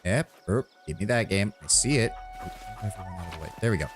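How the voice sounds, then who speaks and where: Over faint game music, a man with a lowish, lively voice talks fast while streaming a role-playing game. He jokes, swears, and thinks out loud as casual commentary, and also reads the game's story text aloud.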